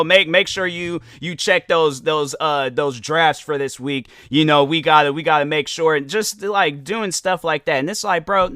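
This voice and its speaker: Young male host, casual storyteller, a bit high-pitched, crisp and sharp tone, close dry mic. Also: no room sound. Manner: animated, acts out both sides of the dialogue. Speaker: podcast host.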